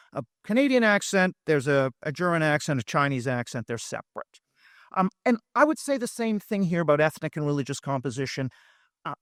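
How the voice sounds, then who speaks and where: A man with a fairly high voice argues his point at a festival debate, pressing each claim with emphasis. He talks in a lecturing way and often pauses on fillers. The sound is close and dry. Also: no echo. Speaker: debate panelist. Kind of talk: live debate speech.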